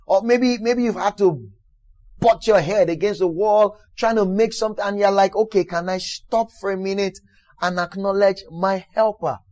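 High-voiced emphatic male preacher. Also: normal speed, darkish tone, dry recording. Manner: emphatic, repeats phrases, asks the listeners questions. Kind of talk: sermon.

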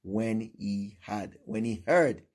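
A man's voice: on the low side, slow, darkish tone. A male preacher giving a sermon who repeats his points and keeps asking "all right?".

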